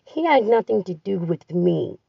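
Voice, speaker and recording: Gravelly, husky woman venting into a phone. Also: lowish voice, big pitch swings, unhurried, no echo. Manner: profane, bitter and grieving. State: tired. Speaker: caller leaving a voice message. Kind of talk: raw venting voice message. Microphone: phone voice recording. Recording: dull lo-fi phone audio, distant from the mic.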